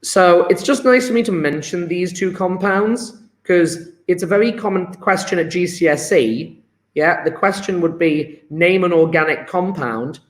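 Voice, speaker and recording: During a live online chemistry class, a man whose voice sits high takes an unhurried pace. He chats warmly and encourages his students, frequently asking "yeah?" to check understanding, recorded in an echoey room.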